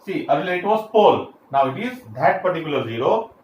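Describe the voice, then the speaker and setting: A man's voice: on the high side, very animated, a little fast, a little mellow, muffled recording. A man teaching a classroom lecture, explaining step by step with frequent fillers and restarts. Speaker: engineering lecturer. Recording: echoey room, faint background hiss.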